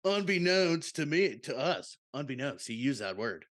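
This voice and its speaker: A drawling, easygoing surfer-dude storyteller, as a podcast host puts him on. He leans on dude and bro at the end of his lines, with a middling pitch. The whole thing is a playful comic reading. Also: very animated, moderate pace, a bit bright. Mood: laid-back. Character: laid-back surfer-dude man telling a story. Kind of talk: comic reading of a listener submission.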